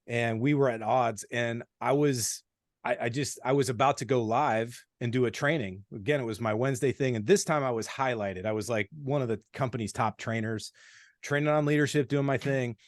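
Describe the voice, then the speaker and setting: A man in his forties, a podcast guest, telling stories in a blunt, animated way with plenty of swearing. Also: medium pitch, a little fast, dry recording. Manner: blunt, profane, animated storytelling. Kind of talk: casual storytelling.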